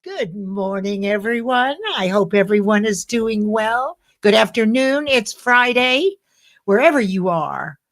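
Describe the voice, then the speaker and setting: A woman's voice: medium pitch, a little slow. A middle-aged woman hosting a live online study group, chatting and greeting viewers by name, laughing at her own slips. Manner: laughs at herself, corrects slips. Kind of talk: casual live-stream greeting.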